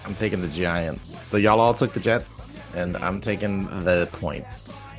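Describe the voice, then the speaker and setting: Very deep-voiced laid-back co-host. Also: male voice, measured pace, soft background music. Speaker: podcast co-host. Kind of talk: casual sports chat.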